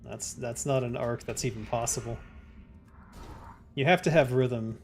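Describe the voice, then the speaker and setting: A man streaming a game live, chatting casually and answering his chat in a relaxed way. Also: mid-range voice, measured pace, soft background music.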